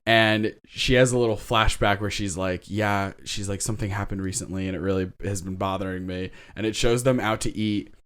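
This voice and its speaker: A man co-hosting a podcast, casually retelling a TV episode with lively asides, acting out characters' lines, laughing often and swearing now and then. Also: on the low side, a little fast, hardly any pauses, clear, resonant tone. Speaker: podcast co-host.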